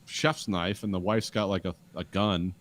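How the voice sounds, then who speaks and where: A man's voice: low voice, fairly even intonation, moderate pace, slight background noise. A man in casual podcast chat, rambling with restarts and acting out quotes from a show. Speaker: podcast co-host.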